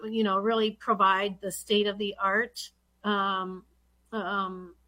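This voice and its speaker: A woman's voice: medium pitch, flat delivery, slow, pushed and bright. A woman who serves as a state legislator, talking casually with lots of ums and restarts. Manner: rambling with many fillers and restarts. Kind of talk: casual conversation.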